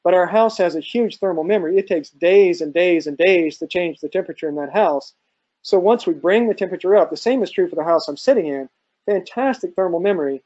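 Guy answering questions on a video call, thoughtful, lots of ums, higher voice but mellow. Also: brisk, highs cut off. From central Virginia. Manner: thoughtful, hesitant, many fillers and restarts. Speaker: guest speaker on off-grid farming. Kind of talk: conversational answers in a live online talk.

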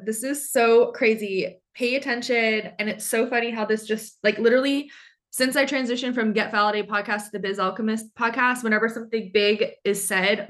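A young adult woman hosting a podcast in casual chat, gushing and excitable, swearing casually as she talks. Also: fairly high pitch. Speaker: podcast host.

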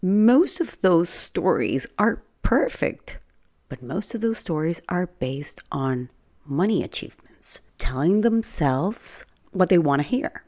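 Slow, low-voiced woman. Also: warm tone. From Spanish-speaking. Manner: earnest, conversational, with restarts and emphatic repetition. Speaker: personal branding speaker. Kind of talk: motivational talk with a personal story.

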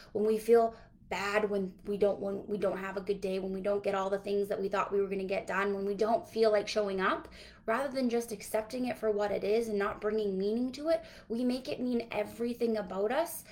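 A woman's voice: medium pitch, steady tone, fairly quick, darkish tone. A woman giving a livestreamed motivational talk to entrepreneurs, earnest and repetitive, often restarting her phrases. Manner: earnest, repetitive, self-correcting. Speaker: business coach.

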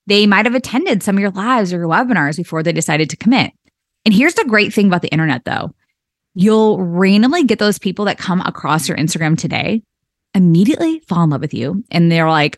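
A woman's voice: medium pitch, brisk, no echo, clean studio sound. A woman in her thirties hosting a solo business-coaching podcast, chatty and encouraging, with frequent laughs and fillers like "okay". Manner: chatty and animated, laughs often, fillers like okay and all right. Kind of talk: solo podcast pep talk.

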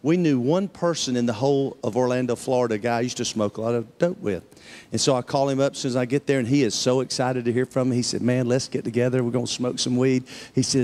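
A man, a pastor telling his own testimony in a sermon, acting out the voices of the people in his story. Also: mid-range voice. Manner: storytelling, acting out quoted voices, rising to excited peaks.

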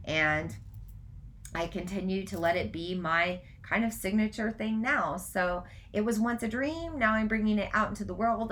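A woman hosting a casual live stream, talking fast in run-on sentences, then gently guiding a breathwork practice. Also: fairly low pitch. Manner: gentle instructive guidance in breathwork. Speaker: spiritual coach and podcast host.

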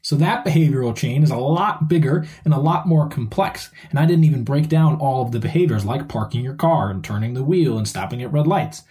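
A man's voice: medium pitch, lively intonation, a little fast, hardly any pauses, dark tone. A man hosting his own podcast as a dog trainer, explaining things step by step in a conversational way.

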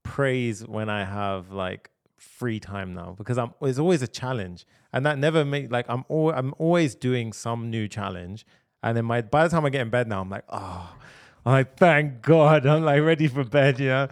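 A man's voice: mid-range voice, moderate pace. A man hosting a casual podcast interview, backing his guest with frequent agreement and rambling through his own thoughts. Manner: rambling, many fillers and restarts, frequent "yeah" backchannel. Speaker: podcast host.

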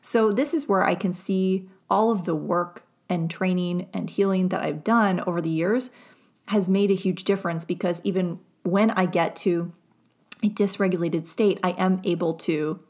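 A woman's voice: on the low side, fairly even intonation, moderate pace, a little mellow. A young adult woman, a podcast host and nervous system coach, telling a personal story in a rambling, self-reflective way with many fillers.

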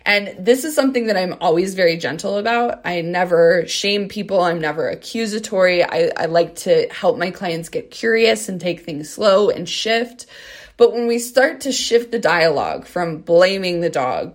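A woman's voice: lowish voice, moderate pace. A woman in her thirties, a dog trainer hosting her own podcast, talking earnestly and conversationally to listeners and often checking in with "right?" and "okay?". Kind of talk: solo podcast monologue.

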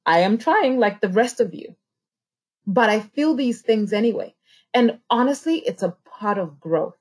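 A woman's voice: on the high side, expressive, unhurried, breathy edge. A woman speaking in an earnest, heartfelt personal monologue on a podcast, repeating phrases for emphasis.

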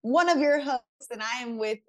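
A woman co-hosting a casual faith podcast over a remote call, playful and quick to laugh. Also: on the high side. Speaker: podcast co-host.

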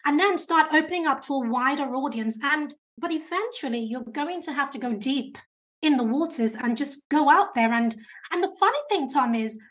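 A woman speaking coach giving advice in an interview, animated and talkative. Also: sits high, normal speed. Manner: animated, chatty, self-described natural talker.

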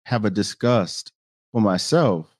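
Reflective man with a low voice. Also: lively intonation, slow, dry recording, studio quality. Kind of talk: casual chat.

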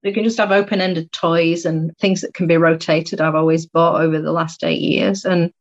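A woman's voice: fairly low pitch, steady tone, moderate pace. A woman guest speaking earnestly and thinking aloud in a casual conversation. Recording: dull lo-fi audio.

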